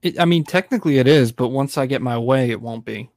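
Gravelly man, blunt and cocky. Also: mid-range voice, quick pace, darkish tone, no echo, studio quality. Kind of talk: casual chat.

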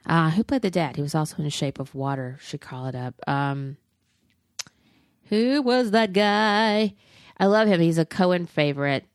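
A woman's voice: deep voice, expressive, measured pace, dry recording, studio quality. A middle-aged woman in casual chat, giving candid, profane opinions on films with frequent restarts. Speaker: podcast co-host reviewing films.

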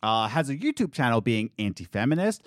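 A man hosts a casual podcast with a lively voice that swings up and down in pitch as he jokes and circles back on his points. The sound is dry and close to the mic. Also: brisk, dry recording. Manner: animated, jokey, wordy with restarts. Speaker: podcast host. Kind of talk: casual commentary chat.

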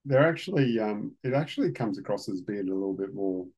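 A man's voice: on the low side, lively intonation, a little fast, a little mellow. An Australian man co-hosting a casual whisky podcast, talking hesitantly and often repeating words. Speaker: podcast co-host. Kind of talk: casual chat over whisky.

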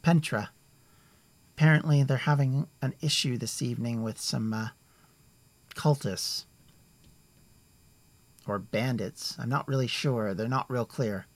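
A man voicing a brisk, commanding older woman called Mother in a tabletop game. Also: medium pitch.

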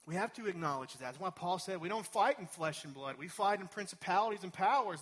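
A pastor with a high, somewhat bright voice preaches in a church sanctuary. His sermon wanders conversationally, peppered with personal asides.

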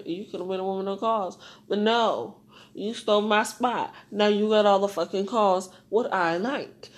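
A young woman with a mid-range voice hosts a solo podcast, rambling and talking to herself with lots of swearing. She drops to whispers at times and rises to loud venting at others.

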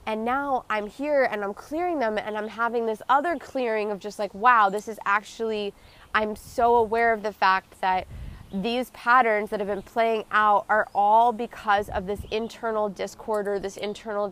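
A woman hosting her own podcast, speaking in an earnest, confessional and emotionally open way, dropping soft and close at tender moments. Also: medium pitch. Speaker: podcast host. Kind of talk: personal reflective monologue.

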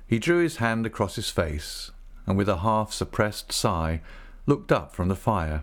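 A man narrating a classic novel in the first person, measured and even. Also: on the low side. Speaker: audiobook narrator.

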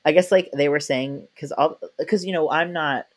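A podcast host talking in a relaxed, conversational way. The stories come quickly and are animated, and the host slips into playful quoted voices along the way. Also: mid-range voice. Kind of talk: casual conversational interview.

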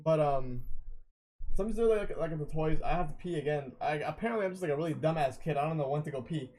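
Fast-talking young man telling a story. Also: fairly high pitch, darkish tone, rough recording. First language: not English. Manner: rambling, profane, many "like"s and "uh"s. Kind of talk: casual chat, storytelling.

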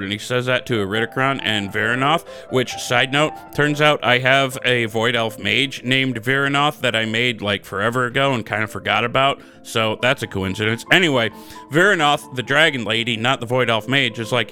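A man's voice: medium pitch, normal speed, over music. A man co-hosting a gaming podcast, rambling through a joking, profane recap in casual chat. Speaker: podcast co-host.

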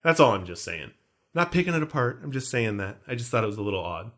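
A man's voice: medium pitch, big pitch swings, fast, fairly bright tone. A man co-hosting a podcast, chatting casually about a film in a rambling, jokey, self-mocking way. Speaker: podcast co-host.

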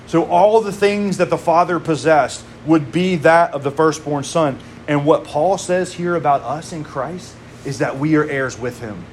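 Speaking a little slowly but with hardly any pauses, a pastor in his thirties preaches a relaxed, conversational sermon dotted with casual asides. His voice runs a bit higher than most men's, over a faint air conditioning hum.

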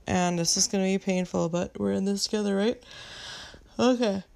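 A woman's voice: medium pitch, steady tone, moderate pace, creaky, darkish tone. A woman hosting a daily podcast, chatting in a self-deprecating way and reading aloud with small slips, recorded at home away from her usual microphone. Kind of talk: casual chat and reading aloud. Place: at home, not at her computer. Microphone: not her usual microphone.

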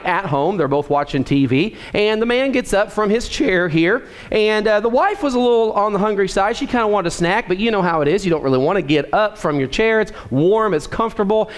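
A man preaching a sermon in a folksy, storytelling way, often checking in with the congregation. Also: sits high. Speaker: pastor. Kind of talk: sermon with a joke opener. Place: church.

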